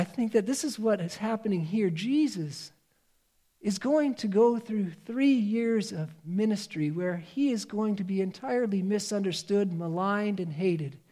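A man preaching a sermon in an earnest, emphatic way, moving between raised and hushed delivery. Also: sits high.

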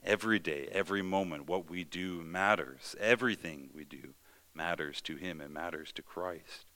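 A low-pitched man delivers a sermon, earnest and deliberate, leaning into emphasis and then easing back. His voice is bright and forceful, with a smooth, clear tone. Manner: earnest preaching with rising emphasis and measured pauses. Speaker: pastor.

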